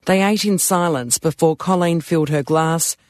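Male audiobook narrator, measured and even, slightly high voice, dry booth sound. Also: no echo.

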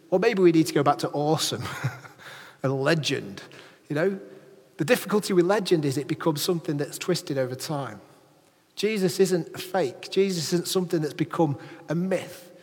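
A man preaching a lively sermon in a church, chatting with and questioning his congregation. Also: on the high side, normal speed, husky, in a large hall. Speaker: pastor.

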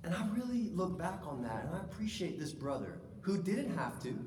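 A man preaching a sermon in a church, lively and conversational, acting out stories. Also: fairly high pitch, normal speed, a little hiss or hum. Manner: lively, conversational, acts out anecdotes. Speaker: pastor. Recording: echoey hall, distant mic, faint ambience.

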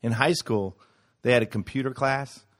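A man telling a wild story in casual podcast chat, animated and profane, often laughing. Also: medium pitch, normal speed.

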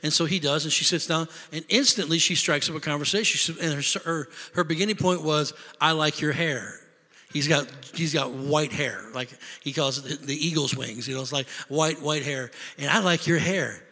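A man preaching a sermon, telling stories with lively voices and shouted lines for emphasis. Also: on the high side, fairly quick, hardly any pauses, in a large hall. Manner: animated storytelling, shouting for emphasis. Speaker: pastor.

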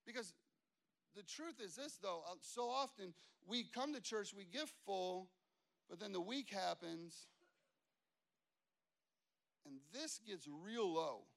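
A man preaching a sermon as pastor, talking conversationally with many "you know what I mean" asides, dropping to hushed, slow passages and rising into loud, animated storytelling. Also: high voice, gravelly.

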